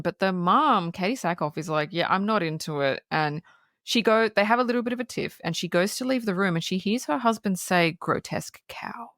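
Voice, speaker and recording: A woman's voice: lowish voice, a bit bright, no echo, studio quality. A woman co-hosting a podcast, recapping a film in casual chat and laughing often. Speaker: podcast co-host. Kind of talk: casual movie review chat.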